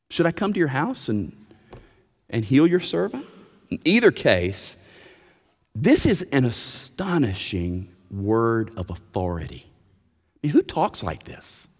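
A man preaching a sermon as a pastor, earnest, rising for emphasis and dropping soft. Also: medium pitch, long reverb tail.

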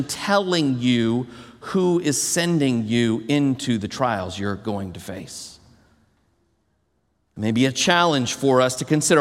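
High-voiced preacher in a reverberant hall. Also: male voice. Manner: animated preaching, drops low and slow on key phrases. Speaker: pastor. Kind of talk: sermon.

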